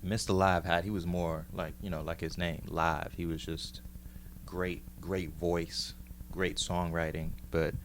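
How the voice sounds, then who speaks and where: A man's voice: sits low, flat delivery, measured pace, slight background noise. A middle-aged man from New York City, casually showing his old mixtapes and musing as he reads the track lists. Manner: laid-back, musing, reads lists aloud. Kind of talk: casual show-and-tell.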